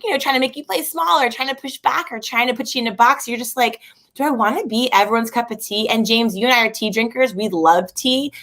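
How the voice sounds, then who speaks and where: Bubbly fast-talking woman telling stories. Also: on the high side, a bit bright. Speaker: guest, marketing expert and author. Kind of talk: casual storytelling chat.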